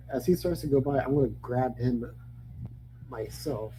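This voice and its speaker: Blunt man with a dark, mellow voice. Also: mid-range voice, normal speed, slight background noise, rough recording. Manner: blunt and assertive. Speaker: player. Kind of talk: casual tabletop play.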